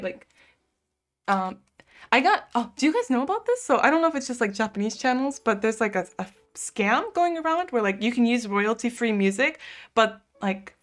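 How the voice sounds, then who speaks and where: A woman's voice: a little high, fairly bright tone. A young woman from the United States with a lisp, chatting casually on a live stream, giggling often and saying "like" a lot. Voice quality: lisp, speech impediment. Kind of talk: casual chat reading viewer comments.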